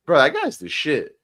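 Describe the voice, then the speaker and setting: A man's voice: on the high side, bright, forceful tone, breathy edge. Crude, joking man co-hosting a podcast. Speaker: podcast co-host. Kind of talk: casual chat.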